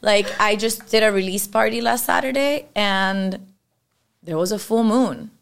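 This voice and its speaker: A woman's voice: mid-range voice, measured pace, vocal fry, slight background noise. A young Venezuelan woman, a singer-songwriter, chatting frankly as a guest and slipping between English and Spanish. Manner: frank, switches between English and Spanish mid-sentence, swears freely. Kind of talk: casual interview chat.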